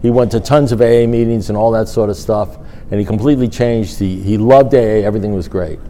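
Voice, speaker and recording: A middle-aged man speaking at a recovery meeting, telling a rambling, animated personal story and acting out the dialogue. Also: lowish voice, fast, a little hiss or hum.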